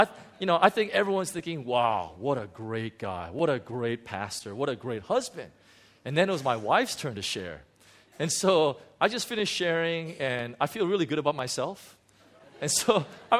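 A pastor with a fairly high, slightly bright voice shares a candid, self-mocking story about his own marriage during a sermon. His testimony is full of restarts and filler words.

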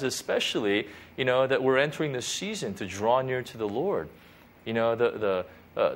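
A man gives a relaxed devotional talk in his ordinary speaking voice, sitting at a middle pitch. His delivery is loose and conversational, full of restarts, "you know" and quick "right?" check-ins with his listeners. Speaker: pastor. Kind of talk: informal devotional teaching.

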